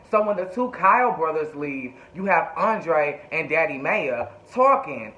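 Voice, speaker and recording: A sassy, chatty man recaps a TV show, cursing freely. His voice is fairly high and bright and tense. It sounds dull and lo-fi in an echoey room. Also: animated, moderate pace, hardly any pauses. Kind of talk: casual TV recap.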